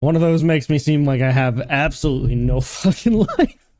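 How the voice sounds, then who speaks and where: A man's voice: a little high, expressive, moderate pace, a little mellow. A man streaming a game live, chatting casually, joking, swearing and laughing at himself.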